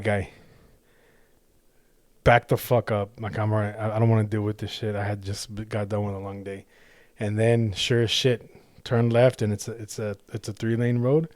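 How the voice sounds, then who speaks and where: A man's voice: on the low side, no echo. Profane, rambling man telling a story. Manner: profane storytelling with many restarts; acts out shouted road-rage quotes. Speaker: podcast co-host. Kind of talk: casual chat.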